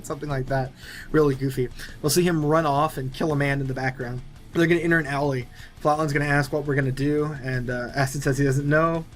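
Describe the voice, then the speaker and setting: A young man casually talking through a movie plot he wrote, rambling with lots of fillers. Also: medium pitch. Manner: loose and rambling, many fillers. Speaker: movie video creator. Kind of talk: casual plot pitch narration.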